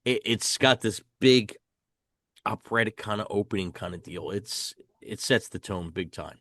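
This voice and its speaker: A man's voice: lowish voice, expressive, normal speed, fairly bright tone, dry recording. Man, casual album review host, enthusiastic, swears now and then, dry close mic. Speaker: podcast host.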